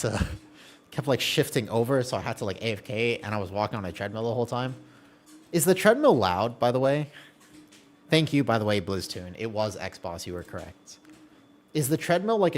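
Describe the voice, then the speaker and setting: A man's voice: lowish voice, slight background noise. A man streaming a game, chatting casually with his viewers and answering their messages as he plays, often laughing and trailing off mid-sentence. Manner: chatty, reads and answers viewer chat while playing. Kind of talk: casual live-stream chat.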